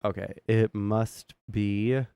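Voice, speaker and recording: A man's voice: lowish voice, fairly even intonation, slow pace, vocal fry, dark tone, clear, resonant tone, no echo. A man streaming casual political commentary, swearing and rambling off the cuff.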